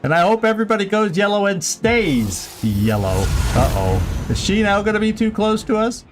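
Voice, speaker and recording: Man, video game streamer, loose live commentary, animated delivery, faint music bed. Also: high voice, normal speed. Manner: playful, thinking aloud, goofy asides. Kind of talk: casual live gameplay commentary.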